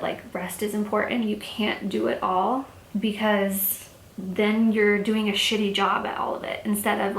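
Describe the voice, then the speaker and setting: A woman's voice: medium pitch, fairly bright tone. A young woman chatting casually and thoughtfully while doing her makeup at home, her talk full of "like" and "you know". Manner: chatty, reflective, many "like" and "you know" fillers. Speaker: makeup vlogger. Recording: echoey room, faint ambient noise.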